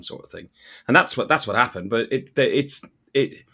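A man's voice: mid-range voice, animated, a little fast, bright, forceful tone, slightly rough. A man from Ireland hosting a casual fan podcast, telling stories in a chatty way with frequent restarts. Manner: chatty storyteller, stumbles and restarts. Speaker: podcast host. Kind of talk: casual chat.

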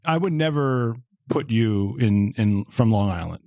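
A man's voice: medium pitch, animated, measured pace, darkish tone, no echo, studio quality. A man from New Jersey co-hosting a podcast, asking long rambling questions in a casual conversational way. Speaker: podcast co-host. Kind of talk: conversational interview.

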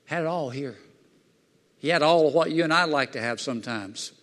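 A man preaching a sermon in a fervent, folksy way, swinging between loud excitement and quiet asides. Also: a little high, normal speed. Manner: folksy plain-spoken preaching. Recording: long hall reverb.

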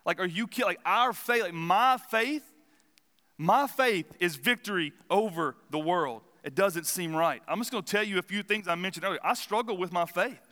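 A man's voice: sits high, expressive, a little fast, hardly any pauses, fairly bright tone. A man preaching a casual sermon, chatty and self-deprecating, telling funny stories between Bible readings. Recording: reverberant hall.

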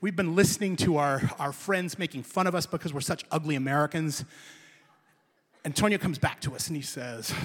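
A man performing a comic personal story live, with lively, emphatic delivery. His voice sits a little high for a man. The sound carries a long hall reverb. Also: fairly quick.

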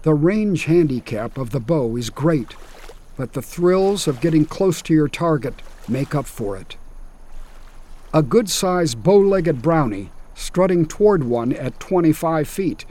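A man giving a scripted first-person narration in a measured, matter-of-fact way. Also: fairly high pitch, expressive, mellow.

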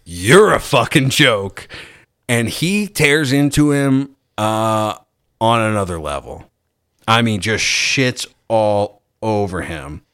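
A man chatting casually about a film, animated and swearing freely. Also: lowish voice, slow, smooth, dry recording, studio quality. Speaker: podcast co-host.

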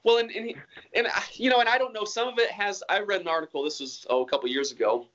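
A man with a high, somewhat bright voice is interviewed casually about hunting. He talks fast, earnest and rambling, restarting often, and the recording has its highs cut off.

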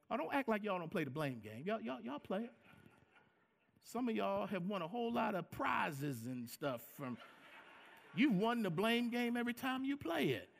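A man preaches in a high, gravelly voice. His pitch leaps and drops as he acts out quoted lines and repeats words for emphasis. It is a lively pulpit sermon. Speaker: pastor.

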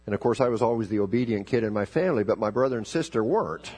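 A pastor from South America preaches a sermon, telling a story with sharp, emphatic rises and dropping to a slow, low, deliberate voice for scripture. His voice has a breathy edge.

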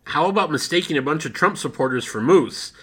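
A man hosting a comedy podcast with goofy, eager in-character banter. His voice is bright and a little husky, and his pitch swings widely and bounces around. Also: lively intonation, fairly quick.

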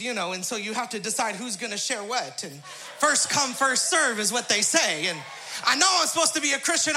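A man preaching as a pastor, telling a humorous story with frequent laughter and quick praise interjections. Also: extremely high pitch, bright, forceful tone.

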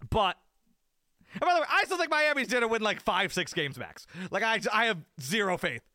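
A man's voice: high voice, expressive, moderate pace, pushed and bright, dry recording, clean studio sound. A man co-hosting a sports podcast, ranting in a rambling, self-mocking way. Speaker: podcast co-host. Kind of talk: casual sports talk.

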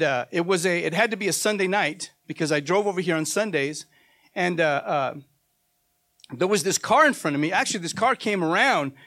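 High, bright-voiced male preacher. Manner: emphatic, repetitive call-outs to listeners. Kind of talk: informal sermon.

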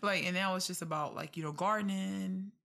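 A young woman in casual podcast conversation, easygoing and joking as she muses aloud. Her voice has a middling pitch for a woman. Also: steady tone, a little fast, gravelly, a bit bright. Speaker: podcast co-host. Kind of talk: casual chat.

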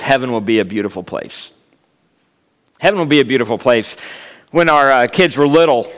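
A man's voice: mid-range voice, fairly bright tone. Joking male preacher in a reverberant church. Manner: humorous, storytelling, jokes with the congregation. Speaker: guest preacher. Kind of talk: sermon. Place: church sanctuary.

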